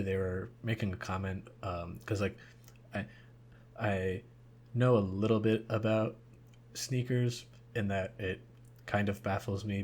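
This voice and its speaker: A man's voice: on the low side, a little mellow, slight background noise. A young man co-hosting a podcast in casual chat, rambling and hesitant with many fillers. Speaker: podcast co-host.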